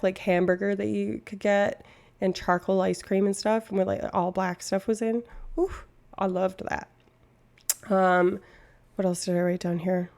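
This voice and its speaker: A woman's voice: medium pitch, darkish tone. A woman from Canada, a streamer chatting casually and rambling, laughing often at herself. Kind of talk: casual chat.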